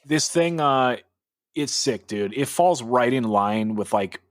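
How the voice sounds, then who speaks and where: A man's voice: mid-range voice, animated, slow, no room sound, clean studio sound. A man co-hosting a music podcast, talking loosely with lots of fillers and casual swearing. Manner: loose and profane, heavy on filler words. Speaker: podcast co-host. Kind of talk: casual chat.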